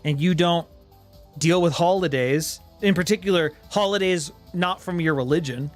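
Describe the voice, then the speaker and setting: A man with a fairly high voice tells a long anecdote to his stream audience. He talks casually and animatedly, slipping into quoted voices. Soft music plays faintly underneath. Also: moderate pace. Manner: animated storyteller, voices the people in his tale. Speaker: streamer host.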